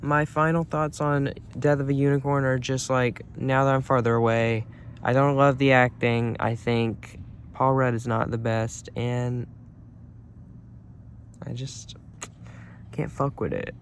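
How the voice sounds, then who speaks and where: A young man vlogging by his car at night, chatty and self-mocking, breaking into loud exclamations. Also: mid-range voice, little pitch movement, measured pace, slight background noise. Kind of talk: casual vlog.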